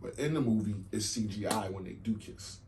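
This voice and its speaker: A man's voice: on the low side, fairly quick, dark tone. Conversational man host, faint noise. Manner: conversational, rising emphatic outbursts. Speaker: podcast host. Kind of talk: casual chat.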